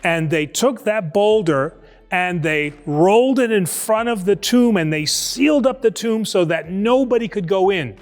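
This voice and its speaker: A priest telling a Bible story to children in a lively, conversational way, acting out the voices. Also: male voice, high voice, unhurried, in a large hall. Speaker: priest teaching Sunday school. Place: church.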